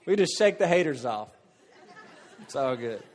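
A middle-aged male pastor preaching a sermon with passion, building to loud emphatic peaks and easing into a soft, gentle invitation. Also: mid-range voice, big pitch swings, measured pace, some chatter behind. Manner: impassioned preaching that swells loud, then drops to soft invitation.

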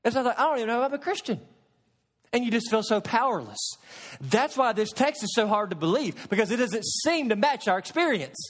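A middle-aged man preaching a sermon as pastor, swinging between loud emphasis and hushed, quiet asides. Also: very high-pitched, very animated, a little fast.

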